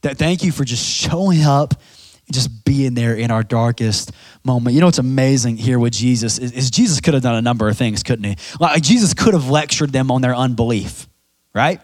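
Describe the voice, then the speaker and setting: A young man preaching a sermon as pastor, with an animated delivery that swings between loud emphasis and hushed lines. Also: medium pitch, moderate pace.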